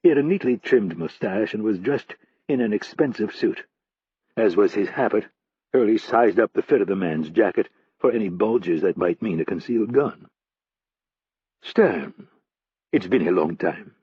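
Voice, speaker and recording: A male audiobook narrator with a husky, low voice, reading a thriller in a measured, steady manner. The sound is dry and a bit dull, like a lo-fi recording. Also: no room sound.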